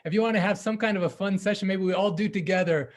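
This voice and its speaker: A man with a high voice hosts an online community call. He laughs easily and thanks his guests as he introduces the next speaker. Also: fast talker. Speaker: host.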